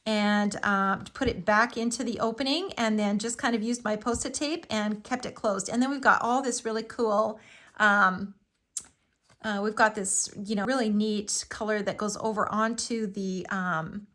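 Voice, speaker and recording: Hosting a live craft tutorial, a woman with a mid-range, somewhat bright voice explains every step. She's chatty and enthusiastic, and fillers come up often.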